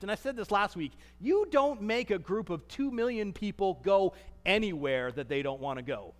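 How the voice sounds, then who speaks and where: High-voiced man preaching in a hall. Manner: dynamic preaching, acting out quoted voices with swings from loud to soft. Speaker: pastor. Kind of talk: sermon. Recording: long reverb of a large hall.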